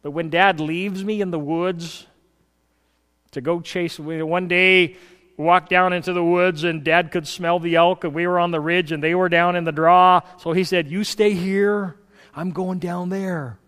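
A man preaching a sermon, moving between a loud reading of scripture and soft, hushed asides, and telling folksy stories in a conversational way. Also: sits high, little pitch movement, moderate pace, clear, resonant tone, big-room sound. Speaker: pastor. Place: church hall.

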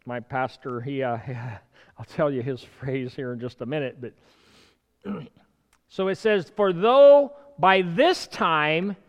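Male preacher, lively sermon delivery, loud bursts and soft asides, smooth voice, hall echo. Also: mid-range voice, measured pace, long pauses. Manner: animated, swinging between loud urgent bursts and quiet asides, chuckling.

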